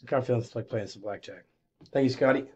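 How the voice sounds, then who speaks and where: A man live-streaming his gambling, swinging between low muttered gloom and loud shouted hype, swearing constantly. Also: fast talker.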